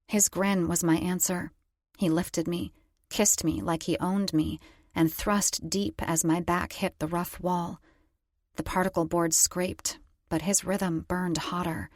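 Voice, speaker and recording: A woman's voice: fairly low pitch, little pitch movement, slow, no room sound, clean studio sound. A woman narrating a first-person romance audiobook in a wry, conversational storytelling manner.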